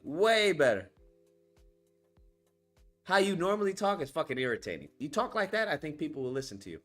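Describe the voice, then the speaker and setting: A man's voice: fairly high pitch, sing-song, a little fast, a bit bright, soft background music. A man hosting a stream, reacting with crude, profane, slang-heavy banter. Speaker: streamer host reacting to videos. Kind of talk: casual reaction commentary.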